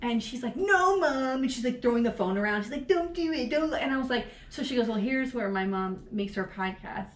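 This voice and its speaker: A woman in her forties chats on a podcast with a high-pitched voice, animated and quick to laugh and swear. The room around her sounds echoey and roomy. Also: distant mic. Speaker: podcast co-host. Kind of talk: casual chat.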